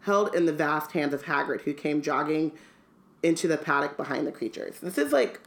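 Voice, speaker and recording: A woman's voice: low voice, lively intonation, moderate pace, gravelly. A woman co-hosting a podcast, reading a book aloud and chatting with lots of laughs. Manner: chatty, laughs often, fillers. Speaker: podcast co-host. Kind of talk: casual chat and reading aloud.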